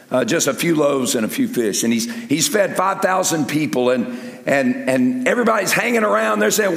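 An older pastor delivers a sermon, his somewhat high voice leaping and falling with lively expression. He moves from loud, emphatic peaks to quiet, low asides. The sound carries the long, roomy reverb of a large church hall.

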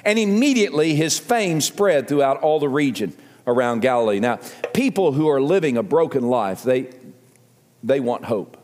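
A man's voice: mid-range voice, sing-song, normal speed, a little mellow, big-room sound, slight background noise. An older man with a Southern accent preaching a sermon as a pastor, earnest and emphatic, repeating phrases as he builds to appeals. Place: church sanctuary.

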